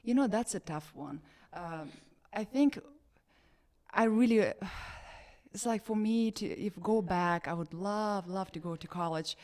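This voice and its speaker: A Russian-accented actress speaks casually as an interview guest in a slightly low voice. Her speech is hesitant, packed with fillers and restarts, yet broken up by lively, animated bursts.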